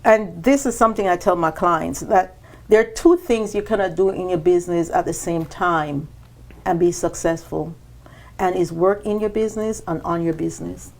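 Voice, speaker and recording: Her voice is creaky and her speed normal as this woman, a business podcast guest, tells her story in a lively way. She acts out quoted dialogue with sudden shifts up and down in pitch.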